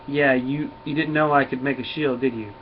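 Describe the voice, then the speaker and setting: A man's voice: mid-range voice, steady tone, moderate pace, lightly acted. A brash teenage boy superhero chatters eagerly and cockily, read by a man going through a comic. The recording is dull and lo-fi. It carries a faint hiss. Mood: cocky.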